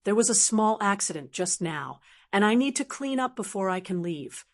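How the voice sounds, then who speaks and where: A young male mage, wry and quick to excitement, who mutters to himself, as a synthetic female narrator reads him. This is a fantasy audiobook. The voice has a plain middle pitch. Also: natural voice.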